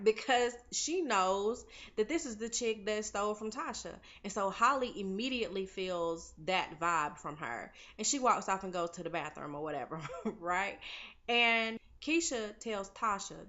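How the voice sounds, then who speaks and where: A woman's voice: medium pitch, pushed and bright, highs cut off. A woman vlogger giving a casual, slangy recap of a TV episode and talking straight to her viewers.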